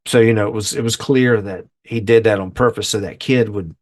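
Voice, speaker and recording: A man's voice: fairly low pitch, steady tone, fairly quick. A middle-aged man co-hosting a podcast in casual chat, who retells a story scene by scene and acts out the people in it. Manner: retells scenes, acting out voices. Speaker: podcast co-host. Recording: podcast recording.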